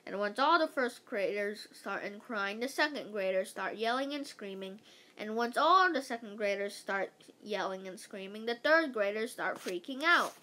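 A woman reading a children's chapter book aloud, lively, with occasional slips and restarts. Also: medium pitch, normal speed. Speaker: read-aloud host.

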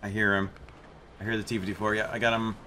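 A man hosting a gaming channel, explaining his match in a relaxed way and then calling out targets to his squad. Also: lowish voice, fast talker, slight background noise. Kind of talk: gameplay commentary and squad voice chat.

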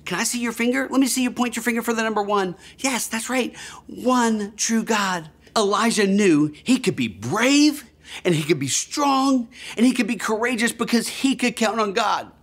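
Lively man telling a kids' Bible story. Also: high voice, moderate pace. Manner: enthusiastic, gasping, leads children in call-and-response. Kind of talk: animated storytelling to young children.

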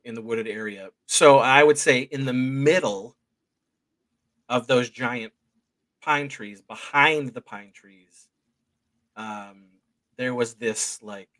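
Slow rambling man in his forties. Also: mid-range voice, fairly bright tone, dry recording. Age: 40s. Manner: rambling, slow delivery with many fillers. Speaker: guest filmmaker. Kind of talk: casual storytelling.

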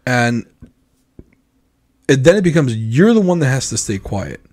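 Chatting casually as a podcast co-host, an American man tells stories with lots of animation, playing out how others reacted. His voice sits at a medium pitch, and he takes his time.

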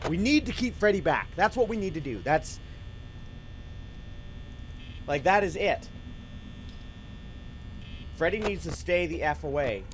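A young man playing a horror game and commenting, excitable, swearing at it, yelping and trash-talking. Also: a little high, measured pace, long pauses, very noisy. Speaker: gaming YouTuber. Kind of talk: let's play commentary. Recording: game music loud behind voice. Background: game music.

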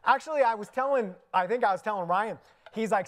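A man's voice: sits high, fast talker. A middle-aged man with an Indian accent, a pastor preaching a sermon in a church in a conversational, storytelling way, often laughing at his own asides. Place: church sanctuary.

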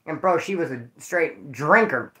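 A man's voice: a little high, lively intonation, unhurried, bright, forceful tone, slight background noise. Rambling, profane man telling stories. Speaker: vlogger telling prison stories. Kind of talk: casual storytelling to viewers.

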